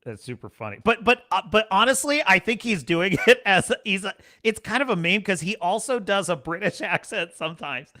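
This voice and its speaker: A man hosting a livestream show, chatting casually in a rambling, animated way and laughing often. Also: high voice, brisk, hardly any pauses.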